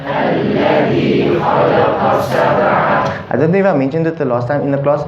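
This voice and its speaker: A man's voice: a little high, racing, roomy sound, lo-fi sound, a loud crowd, very noisy. A man teaching a Quran recitation class, patiently coaching pronunciation and explaining rules between chanted verses. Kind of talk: recitation class with call and response.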